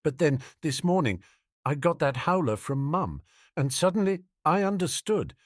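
A man's voice: fairly high pitch, sing-song, normal speed, no echo, pitched above the performer's own voice. A man voicing a resentful teenage boy who speaks with dry sarcasm. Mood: bitter. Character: bitter, sardonic teenage boy.

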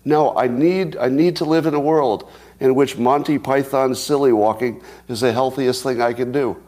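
A man with a medium-pitched, somewhat dark voice riffs solo on the news headlines at a moderate pace. As a commentary host, he is sarcastic and full of mock outrage, thinking aloud with restarts and chuckling along the way.

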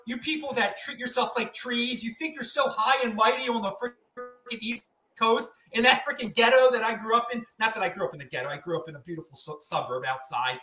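A male host of a live-stream panel talk show, loud, excitable and given to ranting. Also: very high voice, distant mic. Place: home studio in Salt Lake City. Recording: roomy echo.

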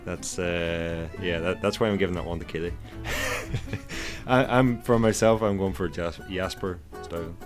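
A man's voice: low-pitched, steady tone, normal speed, few pauses, music in the background. A man co-hosting a podcast over a call, talking through the race in an easygoing, tentative way. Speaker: podcast co-host. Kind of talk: casual cycling race analysis.

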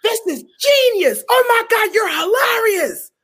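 A woman voicing a blunt, mean female comedy director who talks loud and brusque. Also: extremely high pitch, very animated, normal speed, pitched above the performer's own voice, heavily acted. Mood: excited.

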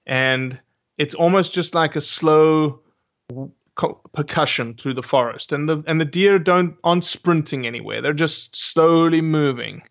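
A man's voice: fairly high pitch, vocal fry, fairly bright tone, highs cut off. A man with a South African accent, talking as a guest in a casual conversation and often stopping to search for his words. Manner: slow, searching for words, many restarts. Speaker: guest hunter.

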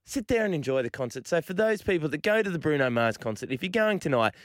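A man co-hosting a radio show, ranting in an animated, joking manner. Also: fairly high pitch, quick pace, dry recording, studio quality. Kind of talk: casual sports radio chat.

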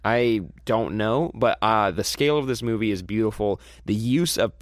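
Low-voiced man chatting about a film. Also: normal speed, dry recording, studio quality. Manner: rambling, enthusiastic, many restarts. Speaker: movie review podcast host. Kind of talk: casual movie review chat.

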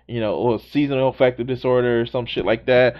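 A man's voice: mid-range voice, fairly even intonation, quick pace, highs cut off. A man reacting to a news video in casual, exasperated commentary, often swearing and repeating himself.

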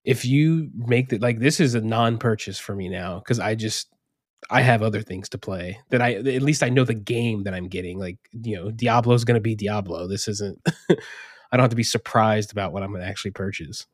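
A man's voice: on the low side, normal speed, no echo, clean studio sound. A man co-hosting a gaming podcast, rambling and swearing casually, laughing often between thoughts. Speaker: podcast co-host. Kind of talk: casual chat.

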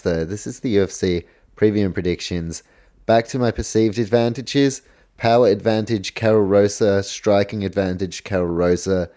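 A New man talks loosely through a solo podcast in a low, relaxed, mellow voice. He wanders off on tangents, corrects himself mid-sentence and drops the odd swear word. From New Zealand. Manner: rambling, self-correcting, swears, goes off on tangents. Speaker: podcast host. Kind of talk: casual solo podcast preview.

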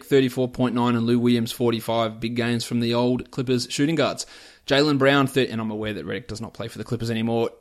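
A man hosting a fantasy basketball podcast, reeling off player stats and prices in a chatty, opinionated way. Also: mid-range voice. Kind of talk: casual podcast analysis.

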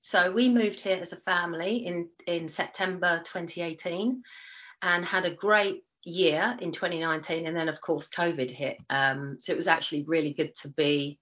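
A woman from East London in her forties speaks with a broad Cockney accent and a low voice. She talks in a chatty, storytelling way, full of ums and restarts. The recording is somewhat dull and lo-fi. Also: normal speed, a bit bright. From East London, England. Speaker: interview guest, retired Olympic runner. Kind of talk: casual chat. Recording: dull lo-fi sound.

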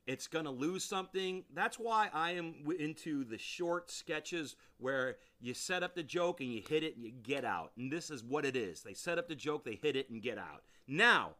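A man hosting a podcast who rambles enthusiastically through a review, circling back over his points. His voice is bright and fairly high. His pitch swings in a lively way. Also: normal speed, few pauses. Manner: enthusiastic, rambling, repeats himself. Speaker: podcast host. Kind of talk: casual review monologue.

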